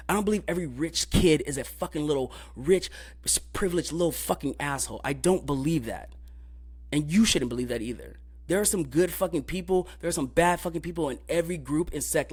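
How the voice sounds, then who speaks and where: A man hosting his own podcast, talking in a loose, profane rant. His voice sits a little high and leaps higher still when he gets worked up. He keeps circling back to the same filler phrases. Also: husky. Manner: pitch jumps high when fired up. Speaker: podcast host. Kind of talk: casual ranting monologue.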